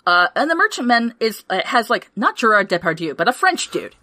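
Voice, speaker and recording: A woman hosting a podcast in casual chat, recapping a film with energetic, profane enthusiasm and frequent laughter. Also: fairly high pitch, fairly quick, no echo, clean studio sound. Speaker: podcast host reviewing a film.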